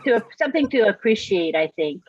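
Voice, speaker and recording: A woman's voice: mid-range voice, sing-song, brisk. A woman hosting a webinar, asking friendly, encouraging questions in casual chat on a video call. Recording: dry, muffled video call audio.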